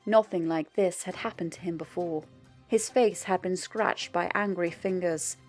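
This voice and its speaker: A woman narrating a history documentary in a measured, steady storytelling delivery. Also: fairly low pitch. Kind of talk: scripted narration.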